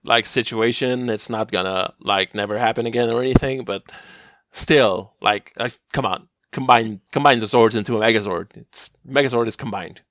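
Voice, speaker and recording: A man's voice: mid-range voice, normal speed, a bit bright, no echo, clean studio sound. A man co-hosting a casual podcast, joking and arguing his points stubbornly. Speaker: podcast co-host. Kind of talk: casual chat.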